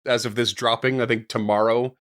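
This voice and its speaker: A man's voice: mid-range voice, flat delivery, brisk, a bit bright. A man co-hosting a podcast in casual chat, easygoing, laughing often and hedging with fillers. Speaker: podcast co-host.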